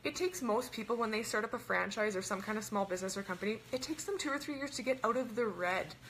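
Young woman, online fitness coach, upbeat chatty webinar pitch, bright forward tone, faint hiss behind. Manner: chatty, upbeat, fast-talking with lots of "right?" and "like".

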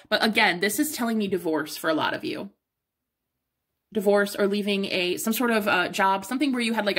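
A young woman reads tarot cards in a loose, chatty way, pressing her points hard and breaking into excited exclamations. She swears now and then and keeps reassuring the listener. Her voice sits at an ordinary middle pitch for a woman. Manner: emphatic and encouraging, swearing casually, excited exclamations. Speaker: tarot reader. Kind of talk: casual pick-a-card tarot reading.

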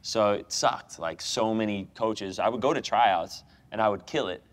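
A young American man speaks in a fairly low voice, spinning an animated story full of "like" and "you know." He laughs often and keeps the tone loose and conversational. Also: moderate pace. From United States. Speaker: guest, professional goalkeeper. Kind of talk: casual chat.

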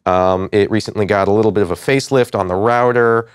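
Upbeat joking man on a tech news show; smooth voice, lowish register. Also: fairly even intonation, quick pace, no room sound, clean studio sound. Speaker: co-host.

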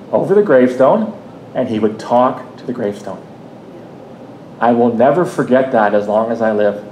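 A Canadian man in his fifties giving a public talk, telling a personal story in a conversational way with frequent restarts and asides. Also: darkish tone. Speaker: guest speaker. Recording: echoey room, faint rumble.

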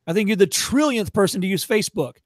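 Male workshop presenter, high voice, dry sound; blunt, profane, tough-love delivery. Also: expressive, no echo. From Chicago area. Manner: acts out shopkeepers in quick voices. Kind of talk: workshop lecture.

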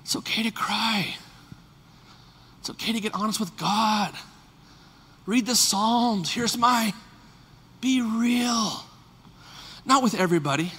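Fervent husky-voiced pastor preaching. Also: male voice, sits high, measured pace, long pauses, big-room sound. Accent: Californian. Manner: swings from soft confiding to shouted fervor. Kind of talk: sermon.

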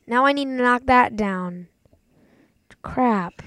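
Excitable young woman gaming. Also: fairly high pitch, takes it slowly, long pauses, no echo. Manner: excitable, yelps and shouts catchphrases. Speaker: gaming channel host. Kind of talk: casual let's-play commentary.

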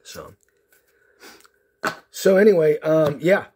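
A man's voice: a little high, expressive, takes it slowly, a little mellow, slight background noise. A man opening card packs on his channel, chatting casually in a rambling, sarcastic way with lots of fillers and restarts. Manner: sarcastic, self-mocking storyteller. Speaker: card pack opening vlogger.

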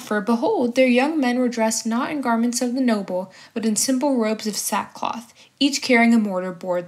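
A woman narrating a short old tale in a scripted, storybook style. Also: fairly high pitch.

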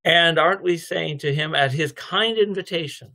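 A man's voice: a little high, moderate pace, vocal fry, few pauses. A middle-aged man giving a devotional lecture, telling a story and acting out both sides of a conversation. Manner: lively storytelling, acting out dialogue. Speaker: theology lecturer.

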